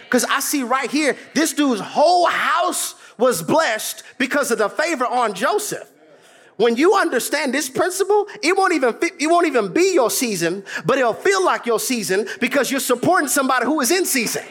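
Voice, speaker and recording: A man preaching a sermon, mixing humor and mimicry with sudden shouts. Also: extremely high pitch, sing-song, moderate pace. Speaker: pastor.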